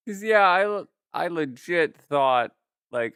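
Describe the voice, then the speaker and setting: Slow, clear-voiced young man chatting. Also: a little high, expressive, pushed and bright, dry recording, clean studio sound. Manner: rambling storytelling, laughs often. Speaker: streamer. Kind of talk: casual chat.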